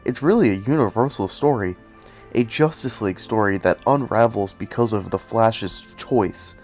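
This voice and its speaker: A man gives casual commentary in a fairly low voice. He rambles, pokes fun at himself and now and then slips into a rant full of swearing. Faint music runs underneath. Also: moderate pace, darkish tone. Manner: rambling and self-deprecating, with cursing rants. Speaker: video essay host.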